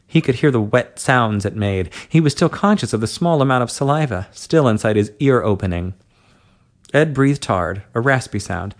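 Male narrator, mid-pitched with a gravelly edge, steady unhurried story reading. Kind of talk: reading an adult story aloud.

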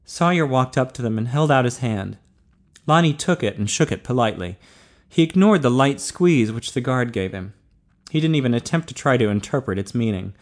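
Man narrating a novel, steady measured reading, mid-pitched. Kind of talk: audiobook narration.

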